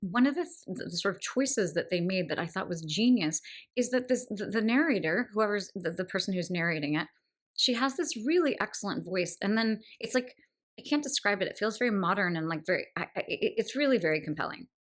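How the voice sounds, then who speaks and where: A woman's voice: medium pitch, lively intonation, fairly quick. A woman hosting a book podcast, talking through a novel with admiring enthusiasm and thoughtful asides. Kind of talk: literary discussion monologue.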